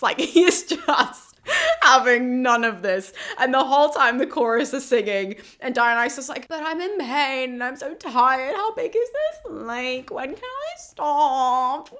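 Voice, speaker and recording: A woman hosting a casual summary of an ancient play, chatty and animated and laughing often. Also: medium pitch. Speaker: host of a classics explainer channel.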